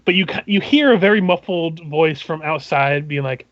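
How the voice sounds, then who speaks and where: A man serving as game master who narrates a tabletop game, describing scenes in a halting, methodical way. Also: fairly high pitch, no room sound, muffled recording.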